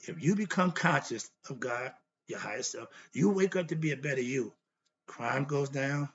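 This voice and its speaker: With a mid-range voice, lively intonation and a breathy edge, a man speaks at a moderate pace while the recording's highs are cut off. As host of this philosophy monologue, he preaches on self-knowledge, bluntly and repetitively asking himself rhetorical questions and answering them, annoyed throughout.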